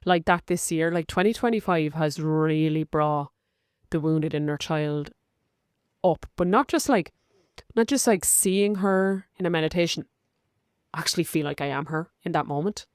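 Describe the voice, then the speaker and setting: A woman's voice: low-pitched, normal speed, a little mellow, clean tone, no room sound, studio quality. An Irish woman hosting a podcast, talking in a chatty, open and personal way, full of likes and rights. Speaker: podcast host. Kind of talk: casual confessional monologue.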